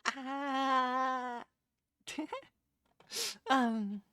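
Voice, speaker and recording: A woman's voice: high-pitched, steady tone, very slow, bright, forceful tone, clean tone, no echo, studio quality. A woman streamer chatting through a game live, giggly and self-conscious, stumbling over her words.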